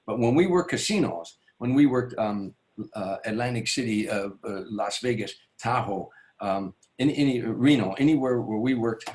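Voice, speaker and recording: A man's voice: mid-range voice, expressive, moderate pace, a little mellow. A man, a stand-up comedian, telling a long show-business anecdote as an interview guest. He rambles, restarts his sentences and acts out the people in the story. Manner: rambling, with many restarts and asides.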